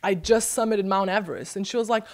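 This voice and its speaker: Talking at a quick pace, a young woman from Brazil recounts a story as a podcast guest in relaxed chat, laughing animatedly and mimicking quoted lines in a high-pitched voice.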